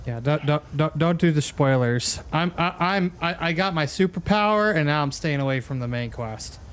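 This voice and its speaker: A man streaming a game, chatting casually in a halting, rambling way full of fillers. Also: on the high side, lively intonation, a bit bright, a little hiss or hum. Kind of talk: casual gaming chat.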